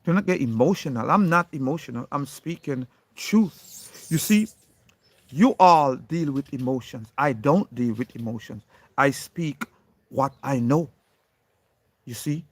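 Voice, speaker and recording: A man delivering an impassioned monologue, emphatic and insistent, stressing single words as he speaks straight to a critic. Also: mid-range voice. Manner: preachy, addressing an unseen critic directly.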